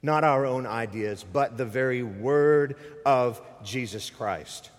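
A man's voice: medium pitch, slow, big-room sound. Emphatic male pastor preaching in a church. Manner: emphatic, conversational preaching with direct appeals. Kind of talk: sermon. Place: church sanctuary. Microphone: microphone.

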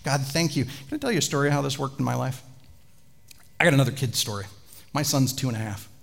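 Animated pastor preaching a sermon. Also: male voice, mid-range voice, quick pace, vocal fry. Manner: animated storytelling, chatty asides to the congregation.

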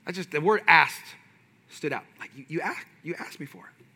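A man's voice: a little high, normal speed, bright, forceful tone, husky. A man in his thirties preaching a sermon with passion and energy, mixing in folksy asides. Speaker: pastor.

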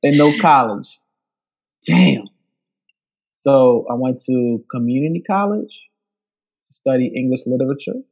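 A man's voice: medium pitch, a little slow, long pauses. A man, a film director guest who tells stories in a casual, joking way. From United States. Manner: laughing, joking, animated storytelling. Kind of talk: casual interview.

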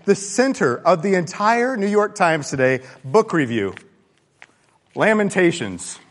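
Male pastor, fairly high voice, casual and animated delivery, long hall reverb. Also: a little slow, a little hiss or hum. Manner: animated, conversational, jumps between hushed and excited. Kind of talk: sermon.

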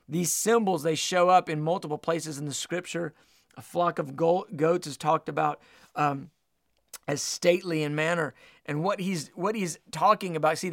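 A man's voice: fairly high pitch, gravelly, dry recording, studio quality. A man preaching a sermon, earnest and repeating words as he goes.

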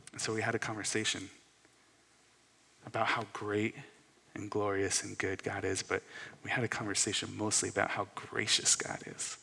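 A pastor in his thirties preaching a sermon, earnest, rising to loud emphasis and dropping to soft near-whispers. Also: fairly low pitch, gravelly. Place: church sanctuary. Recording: long hall reverb.

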